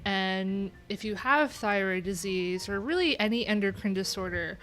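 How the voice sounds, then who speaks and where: A woman's voice: medium pitch, moderate pace, fairly bright tone, faint music behind. A woman from New York with a nasal voice, chatting candidly and rambling on a casual livestream from a room at home.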